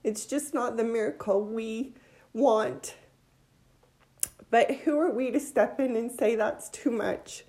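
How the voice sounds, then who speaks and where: A woman giving an emotional religious testimony, near tears, heartfelt and halting. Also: a little high, dark tone.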